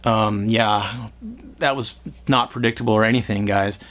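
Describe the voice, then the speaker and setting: A man's voice: fairly low pitch, fairly even intonation, moderate pace, a bit bright. Rambling sarcastic male movie reviewer. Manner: rambling, sarcastic, exasperated asides; profane, mocking quoted voices. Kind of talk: casual spoken film review.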